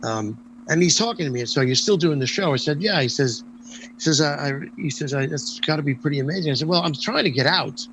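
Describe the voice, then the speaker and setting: A man's voice: a little high, a little fast, slight background noise, rough recording. An older man, a guest in an interview, telling long anecdotes and acting out the voices in them. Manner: animated storyteller, acts out quoted dialogue. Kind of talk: storytelling anecdotes in a casual interview.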